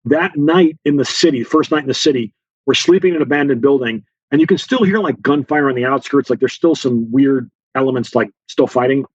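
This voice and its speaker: Guy telling an animated story in an interview, kinda husky, dry muffled audio. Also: mid-range voice, no room sound. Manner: animated storyteller, acts out dialogue, many fillers. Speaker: guest author, former Special Forces officer.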